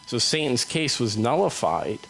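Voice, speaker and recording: A man's voice: medium pitch, sing-song, gravelly, fairly bright tone, rough recording. Male preacher, casual conversational sermon, mid-range voice. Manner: conversational, acts out Bible dialogue in quick voices.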